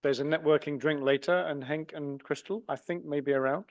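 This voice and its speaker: A man with a fairly high voice moderates a conference session. He introduces speakers briskly and in a friendly way. The recording is dry and close. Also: fairly even intonation, no echo.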